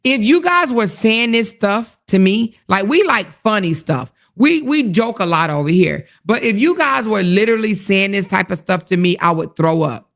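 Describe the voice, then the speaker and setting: A woman's voice: mid-range voice, lively intonation, moderate pace, hardly any pauses, a bit bright. A woman hosting a casual livestream, speaking directly to her viewers and reading their chat comments aloud. She is indignant and emphatic, and she repeats her points.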